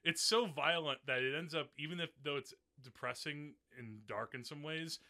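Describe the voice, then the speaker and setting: A man's voice: a little high, normal speed, sharp tone. A male podcast host in a casual film discussion, talking in a chatty way with many fillers and frequent laughs.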